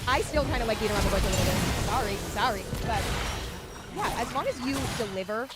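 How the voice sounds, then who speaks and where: Fast-talking woman over loud music. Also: on the high side, animated. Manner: fast, emphatic and chatty. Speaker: podcast host. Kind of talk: casual advice monologue.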